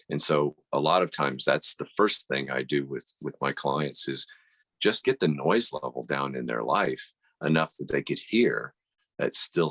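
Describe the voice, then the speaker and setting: Very deep gravelly man, coaching talk. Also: a bit bright, dry recording. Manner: reflective, explains with analogies, many restarts. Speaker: guest, coach. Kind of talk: casual conversation.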